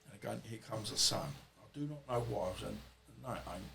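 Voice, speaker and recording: A man's voice: on the low side, quick pace, creaky, pushed and bright, slight background noise. A man, a podcast guest, telling stories in a rambling, colloquial way and swearing freely. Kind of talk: casual storytelling interview.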